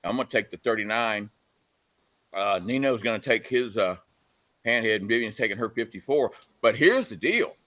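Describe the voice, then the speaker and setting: A man guesting on a motorcycle talk show, telling animated stories and laughing as he goes. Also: fairly low pitch, normal speed. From United States. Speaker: guest, motorcycle engine builder. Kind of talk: casual chat.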